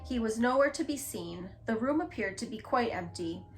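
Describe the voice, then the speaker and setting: A woman reading a children's book aloud in a gentle, expressive storytelling manner. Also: on the high side, normal speed, faint music behind. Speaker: storybook reader.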